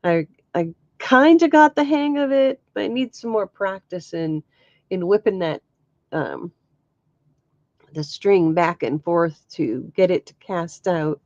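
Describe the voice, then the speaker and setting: A woman's voice: on the low side, expressive, slow, darkish tone, no room sound, muffled recording. A middle-aged woman chatting casually to camera as a crafts vlogger, telling stories with frequent laughs and exclamations. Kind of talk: casual chat.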